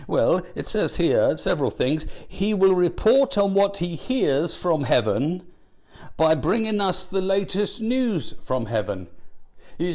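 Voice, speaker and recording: A man preaching a sermon in a slow, deliberate way, letting his voice drop at the ends of phrases. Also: high-pitched, a little mellow.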